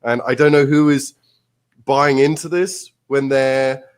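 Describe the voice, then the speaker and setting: A man's voice: medium pitch, fairly even intonation, a little slow, clean tone. A man with an upper-class English accent, a guest speaking over a video call in blunt, opinionated casual chat.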